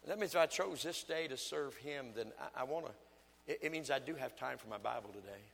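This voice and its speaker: A mid-range, creaky and fairly bright voice belongs to an older evangelist who preaches fairly quickly with lively intonation in a church sanctuary, its reverb trailing long. His sermon is folksy, full of home stories and asides, and he performs his wife's lines.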